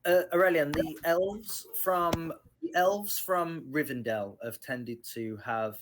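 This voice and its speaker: Slow-talking man running a tabletop game. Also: on the high side, noisy background. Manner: hesitant, many ums. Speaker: game master.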